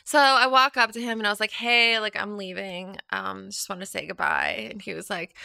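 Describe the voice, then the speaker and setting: A woman in her thirties chatting as a guest, telling an animated story full of fillers and acted-out quotes. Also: mid-range voice, normal speed, creaky, clear, resonant tone, no echo. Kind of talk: casual chat, storytelling.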